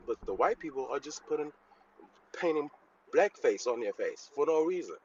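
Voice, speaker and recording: A man calling in to a show, arguing in a halting, stubborn way with many stumbling restarts. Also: mid-range voice, sing-song, a crowd in the background. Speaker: caller. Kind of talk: heated call-in debate. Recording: dull lo-fi call-in line.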